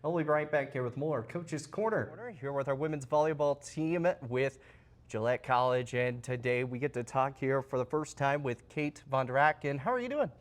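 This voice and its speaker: A man's voice: medium pitch, animated, normal speed. Chatty man hosting a sports interview. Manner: chatty, joking, many fillers and restarts. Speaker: host.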